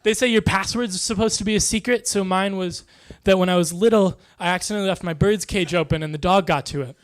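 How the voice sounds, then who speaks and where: A man doing stand-up comedy, delivering deadpan one-liners in a dry, soft-spoken way. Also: sits high, fast.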